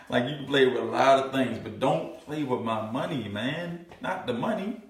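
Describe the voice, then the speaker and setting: Emphatic coach speaking from a distance. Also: male voice, mid-range voice, expressive, normal speed. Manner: emphatic, preachy, repeats "you know what I'm saying"; casual slangy grammar. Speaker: business coach. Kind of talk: motivational webinar talk. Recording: roomy and distant from the mic.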